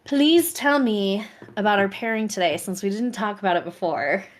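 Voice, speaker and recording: A woman co-hosts a podcast in relaxed, casual chat. She talks freely, often with a laugh in her voice. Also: mid-range voice, moderate pace. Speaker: podcast co-host.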